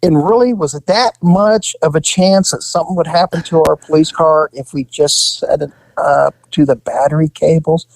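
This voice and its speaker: A retired police officer, now older, speaks with a creaky, fairly high voice at normal speed with few pauses. He casually tells stories, animatedly acting out the quotes of the people in them. The recording is rough but has no room sound.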